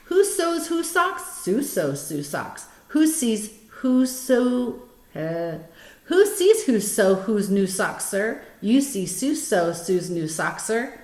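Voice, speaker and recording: A woman's voice: mid-range voice, big pitch swings, slow, darkish tone, pitched above the performer's own voice. A woman doing a teasing show-off fox. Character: playful male fox showing off tongue twisters. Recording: roomy echo.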